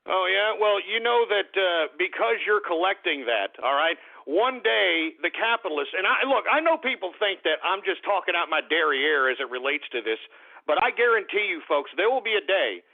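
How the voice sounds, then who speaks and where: Man, radio call-in host, high voice, gravelly, ranting, brash, narrow phone-like sound. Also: lively intonation, normal speed. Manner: brash, ranting, calls listeners baby and folks. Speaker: radio talk show host. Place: Texas.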